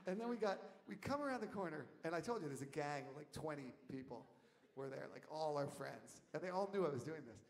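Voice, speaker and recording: A man telling a rambling story from the stage of a concert hall, animated and laughing, shouting out the lines he quotes. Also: fairly high pitch, fairly quick. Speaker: musician telling stories on stage. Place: concert hall, live audience. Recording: audience tape in a reverberant hall, faint noise.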